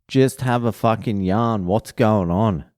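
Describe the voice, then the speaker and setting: A man's voice: on the low side, takes it slowly, a little mellow, dry recording, clean studio sound. An Australian man, a comedian, telling rambling, profane stories in a solo chat. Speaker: comedian and podcast host.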